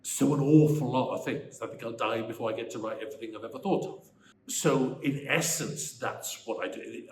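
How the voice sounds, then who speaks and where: Animated Welsh man, emphatic, roomy sound. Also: lowish voice. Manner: animated, emphatic, ranting in bursts. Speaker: screenwriter. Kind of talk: interview answers. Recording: roomy echo, faint background noise.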